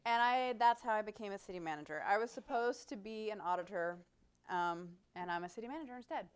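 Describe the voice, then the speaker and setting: Animated woman telling stories. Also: mid-range voice, fast talker, clear, resonant tone. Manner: animated, self-deprecating storyteller. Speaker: city manager speaking to a club. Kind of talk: storytelling talk.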